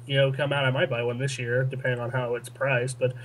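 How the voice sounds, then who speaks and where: A man's voice: mid-range voice, flat delivery, fast talker, a little hiss or hum, rough recording. Rambling young man on a podcast. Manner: rambling, lots of fillers and restarts. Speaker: podcast co-host reading listener questions. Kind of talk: casual chat.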